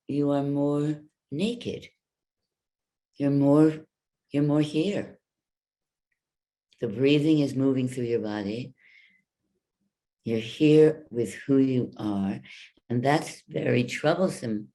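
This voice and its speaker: A woman voice coach giving a workshop talk, speaking deliberately and guiding the listeners through exercises with demonstrations. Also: a bass voice, warm tone. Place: virtual workshop from home.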